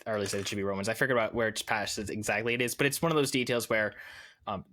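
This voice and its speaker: A man's voice: fairly low pitch, very fast, fairly bright tone, a little hiss or hum. A man co-hosting a film podcast, explaining ideas eagerly in casual chat. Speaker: podcast co-host.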